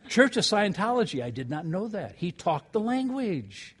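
Animated older male preacher. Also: high voice, moderate pace, slightly rough. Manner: animated storytelling, dropping to quiet asides and rising for emphasis. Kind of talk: sermon with anecdote.

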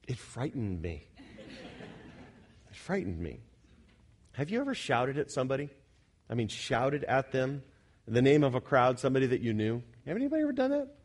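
A man preaching an expository sermon, talking with the congregation, asking them questions and correcting himself, who drops to quiet asides and then rises to loud, shouting emphasis. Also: mid-range voice, big pitch swings, quick pace. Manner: conversational, asks the congregation questions, self-correcting. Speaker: pastor.

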